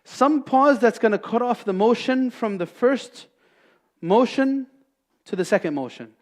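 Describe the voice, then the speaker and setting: A man's voice: extremely high pitch, animated, measured pace. A man teaching a class at a mosque, explaining each point by asking questions and answering them himself. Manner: explanatory, asks and answers his own questions. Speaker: Islamic teacher. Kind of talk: classroom lecture.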